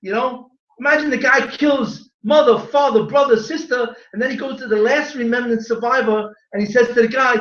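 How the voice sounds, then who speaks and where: A rabbi giving an impassioned religious lecture, firing off rhetorical questions with emphatic force. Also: male voice, very high voice, normal speed, hardly any pauses, fairly bright tone, faint music behind. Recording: echoey hall, distant dull mic.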